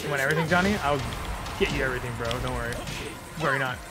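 A woman streaming a fighting game live from her desk at home, excitable and swearing, breaking into yelps and shouts, with game music behind her. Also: a bass voice, very fast. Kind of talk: live gaming stream commentary.

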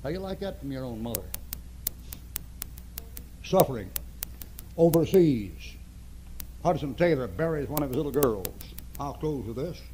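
An older man preaching a sermon to a congregation, repeating phrases and swinging between loud emphasis and hushed tones. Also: medium pitch, expressive, a little slow, long pauses, a little hiss or hum, poor audio. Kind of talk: fiery sermon. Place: church before a congregation.

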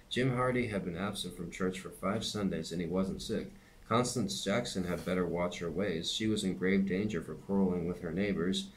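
A man reading a novel aloud at a steady pace, with occasional slips and restarts. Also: sits low, a little hiss or hum. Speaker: reader and teacher.

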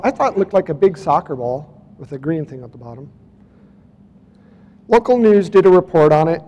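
A man tells a story to a conference crowd in a casual, wry way. His voice sits fairly high. The sound carries a long hall reverb. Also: warm tone. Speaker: conference speaker. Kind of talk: storytelling talk to an audience.

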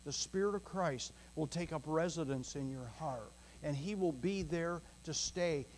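A male pastor preaching a sermon in a church, earnest and emphatic, chuckling softly now and then and moving between slow, weighty phrases and quick bursts. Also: on the high side, rough recording. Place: church sanctuary.

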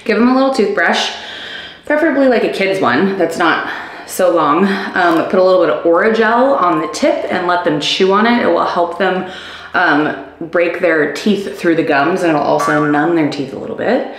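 A woman's voice: lowish voice, normal speed. A young, heavily pregnant woman vlogging casually at home, chatty and giggly with lots of fillers. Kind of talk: casual vlog talk to camera.

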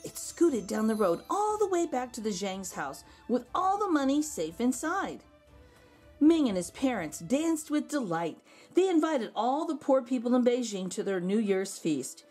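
A woman reading a children's picture book aloud, expressive with gentle asides. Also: fairly high pitch, unhurried, slightly rough, soft background music.

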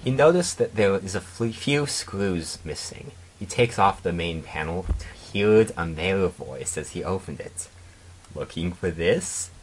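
A man narrating a comedic dramatic reading of fan fiction in a deadpan way, with mocking asides. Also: deep voice, breathy edge.

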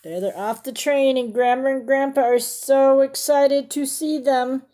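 A woman's voice: high voice, fairly even intonation, a little slow, dark tone. A woman reading a picture book aloud to children, stopping often to ask about the pictures and explain fancy words. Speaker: storybook reader.

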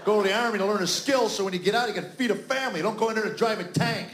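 Fifty-something guy doing stand-up, pretty high voice, roomy stage sound, bit of crowd hum. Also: racing. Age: 50s. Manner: acts out family dialogue, exasperated dad. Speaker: stand-up comedian. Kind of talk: stand-up storytelling. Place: stage before a live audience. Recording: roomy live venue sound.

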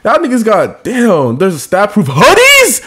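A young American man with an excitable, slangy manner, reacting casually and talking to his chat with loud outbursts. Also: sits high, fairly quick. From United States. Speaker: reaction streamer.

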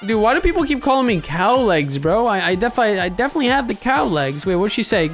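Young woman, gameplay commentary, slangy trash talk, high-ish voice, scheming mutters and loud outbursts, faint music behind. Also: big pitch swings, brisk, few pauses. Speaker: gaming video creator.

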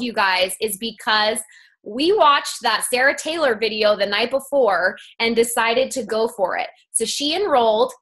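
A woman's voice: fairly high pitch, expressive, measured pace, a bit bright. A woman speaking as guest on a sales team call, eager and chatty, with many fillers and restarts as she coaches her team. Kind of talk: motivational team-call talk. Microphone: phone or conference-call line.

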